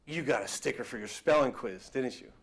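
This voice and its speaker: A man's voice: mid-range voice, fairly quick, husky. A man voicing a doting mother who sweetly quizzes her little daughter with gushing, coaxing questions.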